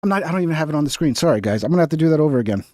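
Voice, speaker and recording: A man giving heated, profane livestream commentary over video clips, mocking opposing views in a high voice. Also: expressive, very fast, darkish tone, dry recording, studio quality. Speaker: political commentary streamer.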